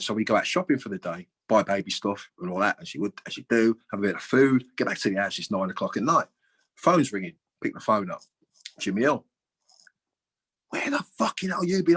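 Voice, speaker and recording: A man in his sixties, a former footballer and guest, telling chatty stories in a lively, colloquial way. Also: lowish voice, slightly rough. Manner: lively, acts out other people's lines with big jumps in voice. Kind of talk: anecdotal storytelling.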